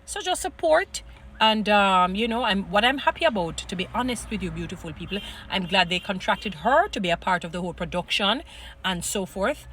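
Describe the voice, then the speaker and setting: A woman's voice: medium pitch, animated, brisk, fairly bright tone, slight background noise. A Jamaican woman giving an emphatic, rambling casual monologue to her viewers. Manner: rambling, emphatic, heaps praise, restarts and fillers. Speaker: vlogger.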